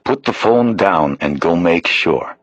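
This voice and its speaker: Narrator as a tense, commanding detective, low and husky, firm orders. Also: male voice, lively intonation, slow, no echo, highs cut off, exaggerated voice. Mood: urgent. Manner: firm, urgent instructions.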